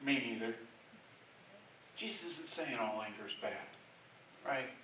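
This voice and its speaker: A pastor preaches in a bright voice, talking with his congregation and often asking "right?" before he builds to loud, emphatic stretches. He is heard from a distance in a very echoey church sanctuary, and a faint hiss runs under the recording. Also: medium pitch, expressive, measured pace. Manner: conversational preaching, frequent "right?" check-ins, rising to loud emphatic stretches. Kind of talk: sermon.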